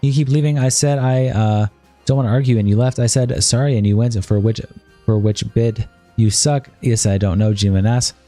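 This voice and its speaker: A man streaming live, reading a long chat argument aloud in a rapid, flat read-through. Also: mid-range voice, faint music behind.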